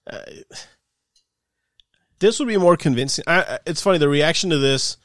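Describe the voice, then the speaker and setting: Animated man hosting a sports podcast. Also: fairly high pitch, normal speed, no room sound. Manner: animated, laughing, swears freely. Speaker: podcast host. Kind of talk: casual sports podcast chat.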